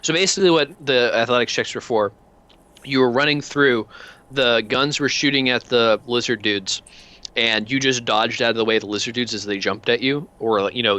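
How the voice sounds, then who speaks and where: Guy running a tabletop game, rambly and loose, bright forward voice. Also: lowish voice. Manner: relaxed, rambling, with filler words. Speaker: game master.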